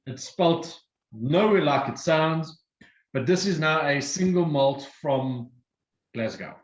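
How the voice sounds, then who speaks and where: A man leads a tasting and explains each whiskey patiently. His voice sits a little high for a man. The sound is echoey and muffled, like audio from an online session. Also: animated, slow. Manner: informative, explains step by step. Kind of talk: guided tasting talk.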